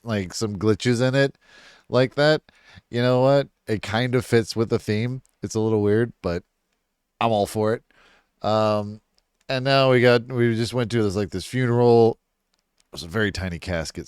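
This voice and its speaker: A man's voice: mid-range voice, clear, resonant tone, no room sound, studio quality. A man casually reacting live to a movie he is watching, rambling, swearing and acting out lines in silly raised voices.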